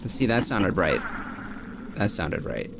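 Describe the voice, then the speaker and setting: A man's voice: low-pitched, sing-song, slow, gravelly, noisy background. A young man hosting a gaming stream, firing back jokes and self-mocking comebacks in casual banter. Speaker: streamer host.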